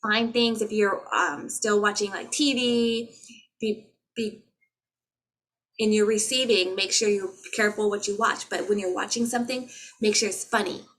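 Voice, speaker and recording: Her voice is mid-range and a bit bright, with fairly even intonation and a moderate pace, captured in a rough laptop-mic recording. She's a spiritual healer talking casually to her viewers in an earnest, motivational vlog, weaving in chanted light language.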